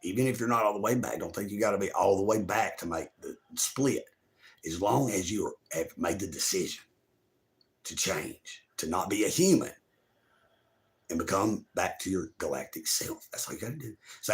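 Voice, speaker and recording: A man with a very low, deep voice delivers a spiritual monologue straight to his viewers. He preaches with profane emphasis, jumping from loud, forceful bursts down to hushed near-whispers. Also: animated, moderate pace. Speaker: show host.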